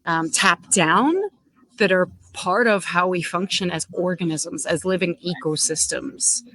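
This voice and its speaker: A woman talking as a podcast guest in a reflective, measured way. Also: on the low side, steady tone, fairly bright tone, dry recording, poor audio. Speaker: podcast guest, personal trainer. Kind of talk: casual podcast chat.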